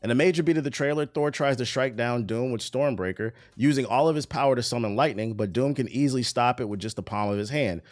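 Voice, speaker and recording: A man's voice: fast talker, few pauses. A man streaming casually, reading entertainment news aloud and breaking off into profane, laughing asides. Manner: profane, laughing asides, excitable pitch jumps.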